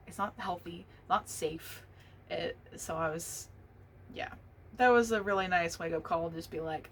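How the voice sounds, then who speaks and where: A woman's voice: lowish voice, a bit bright, a little hiss or hum, poor audio. A young adult woman hosting a solo podcast, talking candidly in a rambling, casual way with frequent swearing. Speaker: podcast host.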